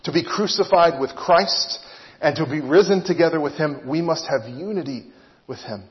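A man's voice: a little high, normal speed, in a large hall, dull audio. A man preaching a sermon, earnest and teaching, often posing rhetorical questions to his listeners.

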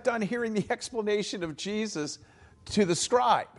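A man's voice: high voice, normal speed. A man preaching a sermon as pastor, explaining scripture with emphatic, dramatized quotes.

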